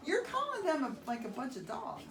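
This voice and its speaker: A woman teacher explaining Shakespeare in casual modern words, playful and animated. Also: high-pitched, echoey room, distant mic, a crowd in the background. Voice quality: animated, playful, quick to rephrase. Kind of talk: lively classroom paraphrasing. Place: classroom.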